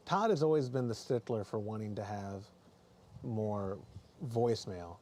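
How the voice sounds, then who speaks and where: A man's voice: lowish voice, a little slow, a little mellow, a little hiss or hum. A man hosting a casual podcast chat, talking in a rambling, self-correcting, jokey way, with a mild speech impediment. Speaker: podcast host.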